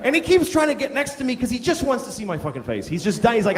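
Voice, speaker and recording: A man performing a stand-up comedy routine, telling a profane story in a deadpan way with sudden shouted outbursts. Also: extremely high pitch, quick pace. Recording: stand-up clip with background noise.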